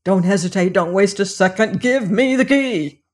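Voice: mid-range voice, measured pace, a little mellow, lightly acted. A narrator voicing an older male doctor, grave and urgent, speaking in terse exclamations in an audiobook. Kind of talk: audiobook character reading.

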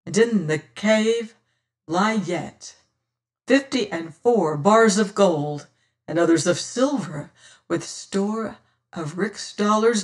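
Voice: mid-range voice, recorded from a distance. A reader voicing a whimsical old sea rover. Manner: archaic seafaring speech, hushed at times. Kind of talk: audiobook character reading.

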